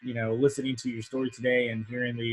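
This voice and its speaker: A man's voice: mid-range voice, little pitch movement, quick pace, soft background music, low-quality recording. A man co-hosting a podcast, asking a long, winding question full of hesitant fillers. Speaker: podcast co-host. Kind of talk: casual interview question.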